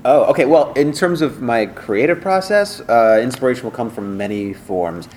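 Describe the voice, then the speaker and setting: A man being interviewed as a voice actor, chatting casually and telling animated stories with acted-out quotes and many fillers. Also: medium pitch, moderate pace, a little hiss or hum. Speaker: voice actor guest.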